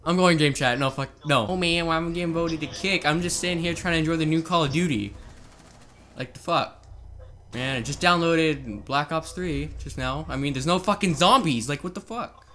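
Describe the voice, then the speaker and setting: A man giving casual, excitable gameplay commentary, laughing and swearing as he plays. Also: a little high, moderate pace. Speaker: gaming video host.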